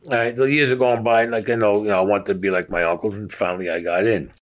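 A man's voice: lowish voice, steady tone, fast talker. A man recounting a personal story in a blunt, profane, street-talk way. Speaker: interviewee.

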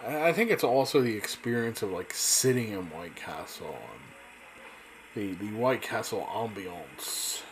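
A man's voice: on the low side, lively intonation, unhurried, noisy background. A man talking casually in a rambling monologue, chatty and full of restarts.

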